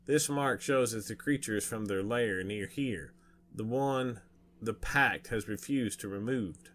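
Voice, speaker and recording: A man voicing an ancient, furious male dragon who is demanding and impatient, speaking in a stern, rumbling, commanding way. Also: measured pace, fairly bright tone, slight background noise. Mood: stern, angry.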